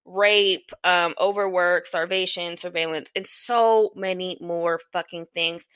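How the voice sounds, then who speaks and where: Young woman, podcast host, casual advice monologue, blunt, swears freely, crisp bright tone. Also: lowish voice, fairly even intonation, unhurried, dry recording. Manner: repeats lines for emphasis.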